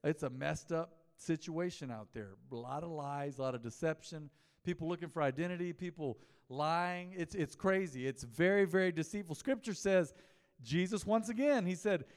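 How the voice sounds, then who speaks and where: A man's voice: a little high, moderate pace, clear, resonant tone, big-room sound. A man preaching a mid-week sermon as pastor, in a conversational style, telling stories and asking the congregation questions. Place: church sanctuary.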